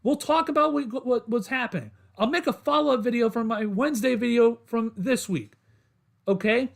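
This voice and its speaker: High-voiced man ranting about football. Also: normal speed, vocal fry. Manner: frustrated, repetitive, addresses chat as guys. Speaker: sports podcast host. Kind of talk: solo livestream sports rant.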